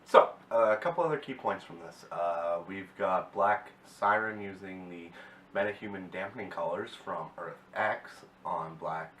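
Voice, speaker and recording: Low-voiced man recapping in an echoey room. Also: moderate pace, fairly bright tone, recorded from a distance. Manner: rambling, corrects himself often. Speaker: TV episode reviewer. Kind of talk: casual episode recap. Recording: echoey room, mic set back, faint hiss.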